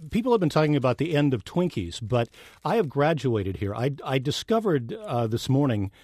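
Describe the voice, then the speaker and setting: A man's voice: medium pitch, big pitch swings, normal speed, a little mellow, no echo. A man working as a senior business correspondent in a radio studio, explaining the week's economic news in a jovial manner.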